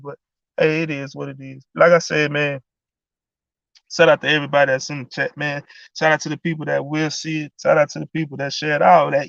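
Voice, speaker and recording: A man's voice: on the high side, vocal fry, fairly bright tone, no room sound. A man ranting casually about sports news, heated and profane, constantly asking "you know what I'm saying.". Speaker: sports commentary vlogger. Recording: dull, lo-fi, dry sound.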